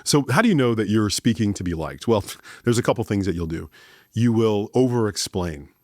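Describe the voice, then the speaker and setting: A man hosting a leadership talk, speaking deliberately and emphatically and slowing down for key points. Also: on the low side, expressive, darkish tone, no echo, studio quality. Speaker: host.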